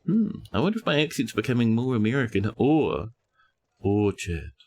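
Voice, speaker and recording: A man's voice: mid-range voice, sing-song, moderate pace, darkish tone. A man with a New Zealand accent, casually commentating his game stream with playful, mock-dramatic teasing and a soothing voice.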